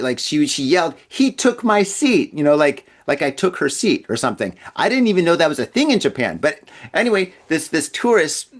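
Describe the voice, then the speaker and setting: A man hosting a podcast, telling a long casual story in a rambling way, stammering and repeating his words. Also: fairly high pitch. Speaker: podcast host.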